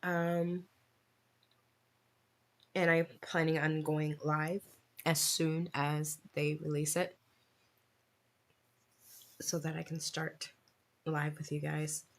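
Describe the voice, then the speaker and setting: A woman's voice: low voice, flat delivery, takes it slowly, long pauses. A woman chatting casually on a livestream while she cross-stitches, laughing at herself and muttering as she works.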